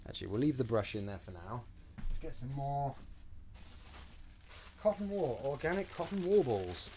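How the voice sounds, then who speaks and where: A man's voice: medium pitch, lively intonation, moderate pace, dark tone, slight background noise. A young man chatting casually on a live stream while building props, reading out chat and joking about his own mess. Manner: chatty, self-mocking, reads chat aloud and answers.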